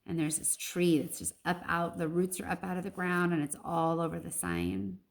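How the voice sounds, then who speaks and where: A woman with a lowish voice reads a children's novel aloud. Her telling is lively, and now and then she breaks off into chatty asides. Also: moderate pace, vocal fry. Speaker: audiobook reader.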